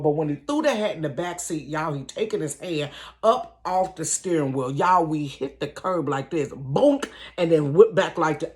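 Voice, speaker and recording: Middle-aged woman vlogger, casual storytime, animated and chatty, talks straight to her viewers. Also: low voice, moderate pace. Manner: animated, slangy, keeps addressing listeners directly. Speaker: vlogger telling a personal story. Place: bedroom.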